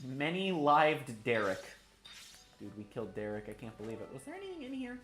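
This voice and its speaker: With huge pitch swings in a mid-range, somewhat bright voice, a man talks a little fast while streaming gameplay live. His commentary is rambling and jokey with mild swearing, set in an echoey room with game music playing.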